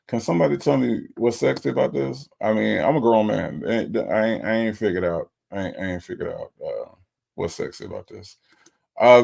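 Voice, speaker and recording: A low-voiced man with a gravelly, creaky edge hosts a show, reading out viewer comments and reacting to them. He talks in a laid-back, drawling way and sounds plainly exasperated. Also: a little mellow. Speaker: host reviewing a recorded call. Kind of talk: casual chat reacting to live comments.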